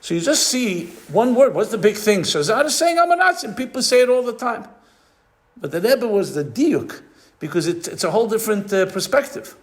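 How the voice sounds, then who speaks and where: A male rabbi teaching a class in a fairly high voice. He explains step by step, drops Hebrew and Yiddish terms into his talk, and often pauses to search for the right word. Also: expressive.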